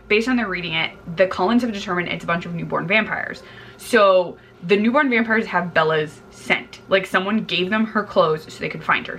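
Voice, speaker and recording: A woman's voice: fairly low pitch, pushed and bright, a little hiss or hum. A tired woman chatting casually to her vlog camera at home while making coffee, rambling with fillers and getting heated as she rants. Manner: chatty, rambling, heated when ranting about the plot. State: tired in the early morning. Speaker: book vlogger.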